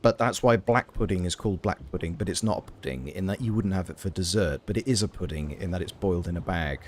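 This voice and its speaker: A man's voice: deep voice, quick pace, slight background noise. A Welsh man chatting casually with his live chat while streaming a video game, rambling through playful tangents. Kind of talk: casual live gameplay commentary.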